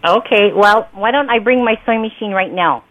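A woman's voice: mid-range voice, a little fast, fairly bright tone, dry recording. A woman answering a phone call, polite, puzzled and patient. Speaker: prank call target. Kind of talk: phone conversation. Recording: tinny phone line.

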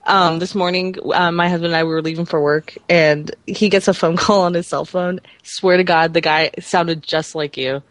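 A woman's voice: lowish voice, fairly even intonation, moderate pace, hardly any pauses, no room sound. A woman joking around and telling a story in casual banter, laughing often and playing with silly voices. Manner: playful, laughs and jumps between silly voices. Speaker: co-host of a prank call show.

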